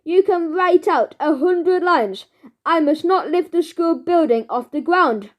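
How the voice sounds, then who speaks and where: A woman's voice: very high voice, animated, a little slow, muffled recording. A woman voicing a prim, bossy middle-aged headmistress who barks orders. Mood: stern. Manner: prim, barking.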